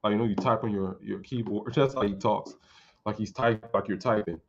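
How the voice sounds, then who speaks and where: A man's voice: fairly low pitch, moderate pace. Rambling casual male vlogger, lo-fi. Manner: rambling, profane, informal. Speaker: vlogger and fight commentator. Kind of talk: casual commentary.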